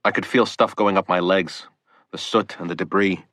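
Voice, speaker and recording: A man's voice: deep voice, fairly even intonation, moderate pace, fairly bright tone, no echo. A man reading first-person witness accounts for an audiobook in a plain conversational way. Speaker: audiobook reader.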